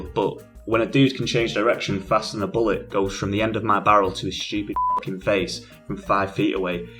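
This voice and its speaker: A man giving a crude, sarcastic comedic rant as narration for an animated game review. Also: sits low.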